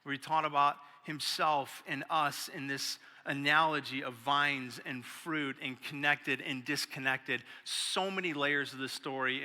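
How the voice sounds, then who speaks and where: Animated man preaching in a bright, echoing hall. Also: medium pitch. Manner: animated storyteller who acts out other people's lines. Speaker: pastor. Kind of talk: sermon with a story. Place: church hall. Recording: long hall reverb.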